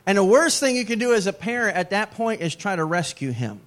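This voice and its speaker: Middle-aged male pastor, a touch higher pitched, chatty sermon delivery with playful asides. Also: big pitch swings, brisk, fairly bright tone. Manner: conversational preaching with joking asides.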